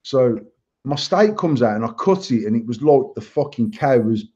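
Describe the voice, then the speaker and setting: A man's voice: medium pitch, animated, moderate pace, dark tone, slightly rough. A man hosting a live show, telling crude stories in a blunt, boastful way and swearing constantly. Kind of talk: casual storytelling chat. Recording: dull lo-fi live stream audio.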